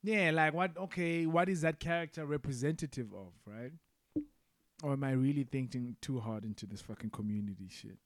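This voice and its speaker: A man's voice: mid-range voice, normal speed, no room sound, studio quality. A man co-hosting a podcast in casual chat, laid-back and rambling, swearing freely. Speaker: podcast co-host.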